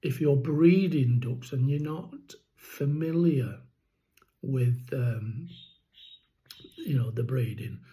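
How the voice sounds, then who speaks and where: Taking it slowly and pausing often, this vlogger talks through poultry keeping in a rambling, informal way, his throat rattling between ums and restarts. The voice is mid-range and mellow, and the audio is poor.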